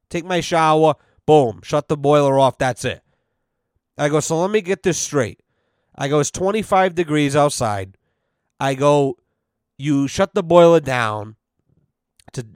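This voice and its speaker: A man with a fairly high, smooth and resonant voice tells a long, swear-filled story in casual podcast chat. He rambles with many fillers and acts out both sides of a conversation. The sound is dry and close, with no room echo. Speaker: podcast host.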